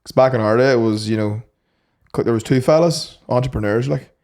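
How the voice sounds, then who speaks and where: A man's voice: medium pitch, darkish tone. A young Northern Irish man co-hosting a podcast, telling sweary anecdotes in casual chat. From Northern Ireland. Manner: swears freely, quick anecdotal storytelling. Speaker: podcast co-host.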